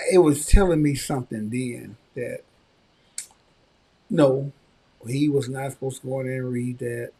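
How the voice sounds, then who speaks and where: Podcast host, male, husky with some gravel, mellow tone, chatty storyteller. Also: medium pitch. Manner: conversational, animated when quoting others. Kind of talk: casual storytelling and advice talk.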